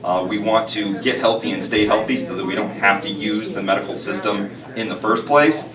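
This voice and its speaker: A man's voice: lowish voice, a little fast. A man giving an earnest talk as a guest speaker to a live audience, with many filler words. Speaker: guest speaker, health food store owner. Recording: echoey hall, far from mic, crowd behind.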